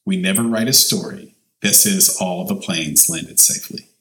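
Low-voiced man hosting in a roomy space. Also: moderate pace, pushed and bright. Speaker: podcast co-host. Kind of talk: casual podcast chat.

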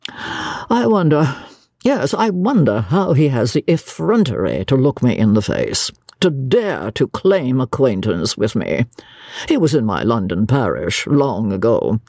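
A pompous middle-aged chaplain, stern and sanctimonious, as a woman reads him aloud in a storybook reading. The voice is husky with wide swings of pitch, recorded close and dry. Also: big pitch swings, measured pace, darkish tone, no echo, heavily acted. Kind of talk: dramatic reading of a classic novel.

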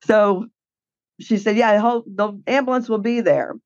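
A woman's voice: mid-range voice, normal speed, darkish tone, no echo, lo-fi sound. A woman guest telling her caregiving story in a blunt, indignant way. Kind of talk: emotional personal account.

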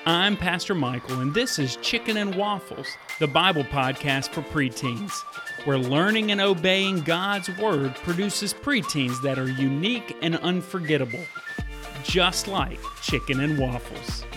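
A man, a pastor and podcast host, telling a Bible story to preteens in a lively, vivid second-person style. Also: a little high, unhurried, music in the background.

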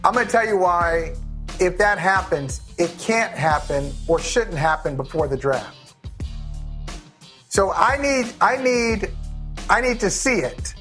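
A man co-hosting a sports talk show, pushing back on his partner with lively, quick comebacks. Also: high voice, soft background music. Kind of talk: casual sports radio debate.

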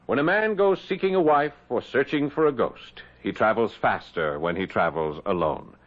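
An actor playing a shrewd elderly statesman-detective, measured and commanding, fond of proverbs, in a radio drama. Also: mid-range voice, lightly acted. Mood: confident. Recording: muffled 1970s radio drama.

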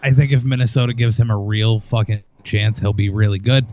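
A man's voice: on the low side, fairly even intonation, a little fast, a little mellow, no echo, dull audio. A man on a podcast in casual sports chat, blunt and heavy on swearing, ranting with heat. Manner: blunt, profane, heated ranting. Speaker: podcast co-host.

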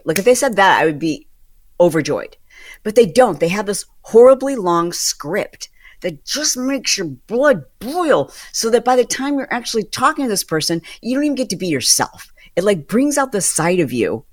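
A woman hosting a casual solo podcast, venting in an exasperated, fast-running storytelling manner. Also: mid-range voice, very animated. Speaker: podcast host.

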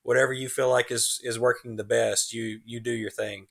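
A man from the American South, a knifemaker guest on a casual podcast, rambling with halting restarts. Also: medium pitch, flat delivery, a bit bright. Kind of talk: casual chat.

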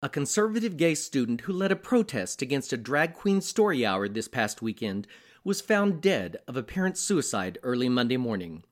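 A man reading weekly news headlines as the show's anchor, in a steady, measured scripted delivery. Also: mid-range voice.

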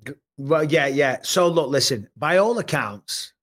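A man hosting a podcast, talking emphatically in loose casual chat. His voice sits fairly high for a man. He keeps tossing in tag questions. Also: expressive, a little slow, fairly bright tone. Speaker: podcast host.

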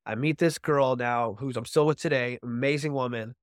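Brief: male podcast guest, animated storyteller who acts out his own dialogue, mid-pitched voice, close dry sound. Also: moderate pace, no echo. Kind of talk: personal recovery story.

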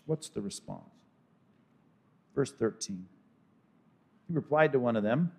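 A man's voice: mid-range voice, measured pace, gravelly, pauses often, husky. A man preaching an expository sermon as a pastor, talking conversationally and slipping into characters' voices. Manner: animated, acts out characters in conversational asides.

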